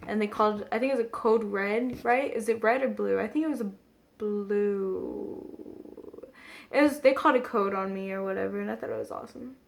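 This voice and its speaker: A woman's voice: mid-range voice, normal speed, gravelly, a little hiss or hum. A woman vlogging a casual storytime, rambling with lots of "like" fillers, talking to her camera mic.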